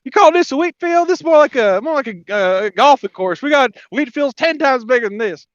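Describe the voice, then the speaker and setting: A man's voice: very high voice, animated, a little fast, no echo, pitched above the performer's own voice. A man voicing a boastful Texan tourist who belittles everything he sees, in a dull, dry recording. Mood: bragging. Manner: incredulous, bragging. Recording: dull lo-fi dry podcast audio.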